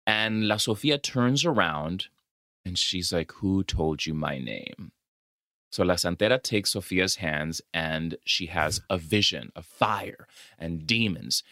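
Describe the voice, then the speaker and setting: A man's voice: sits low, a little slow, no room sound, studio quality. A man co-hosting a podcast, recapping a film in a casual chat and mixing Spanish phrases into his English, with a Dominican-American accent. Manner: animated storytelling, switching between English and Spanish. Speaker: podcast co-host.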